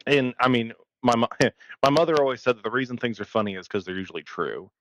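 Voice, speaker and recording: A man's voice: mid-range voice, expressive, quick pace, lo-fi sound. A man co-hosting a podcast about emergency medicine, speaking bluntly and with firm opinions, now and then swearing. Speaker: podcast co-host. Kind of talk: casual podcast conversation.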